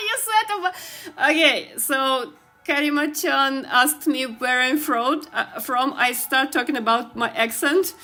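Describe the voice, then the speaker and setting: Drawing during a live stream, a young streamer and artist whose first language is Ukrainian chats casually in a Slavic accent. Her voice sits high, pushed and bright, and she's giggly, often trailing off with fillers.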